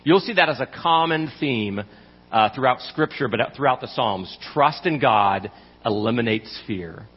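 A man's voice: medium pitch, expressive, measured pace, slightly rough. A man preaching a sermon to a congregation in a conversational way, often asking "right?" and repeating himself. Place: church sanctuary. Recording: lo-fi recording with long hall reverb.

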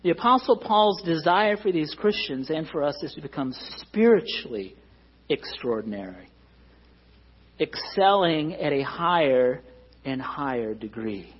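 A man's voice: on the high side, animated, unhurried, slightly rough, muffled recording. A man preaching a sermon as pastor, earnest and emphatic, pressing his points with rising stresses.

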